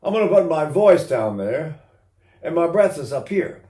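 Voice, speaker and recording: A man's voice: a little high, big pitch swings, normal speed, warm tone. An older man teaching singing technique, talking animatedly and breaking into short sung vowels and laughs to demonstrate. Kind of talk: singing lesson with sung examples. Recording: roomy echo.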